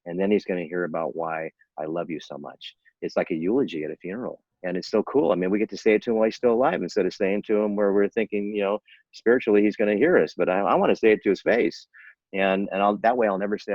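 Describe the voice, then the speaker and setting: Fast-talking deep-voiced older man, earnest. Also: a little mellow, no echo, highs cut off. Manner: earnest and persuasive, with frequent restarts. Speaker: interventionist guest. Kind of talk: casual interview talk. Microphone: video call.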